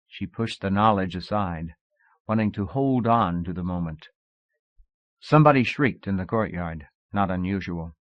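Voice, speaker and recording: A low-voiced man reads a literary story in a measured, reflective way. The sound is dry and close, but dull and lo-fi like an old cassette. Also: expressive, no room sound. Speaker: audiobook narrator. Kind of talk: scripted narration.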